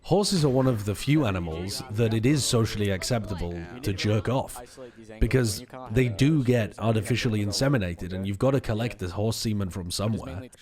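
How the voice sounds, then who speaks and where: Deep-voiced man rambling on stream. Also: normal speed. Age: 30s. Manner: rambling, deadpan jokey tangents. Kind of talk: casual stream chat.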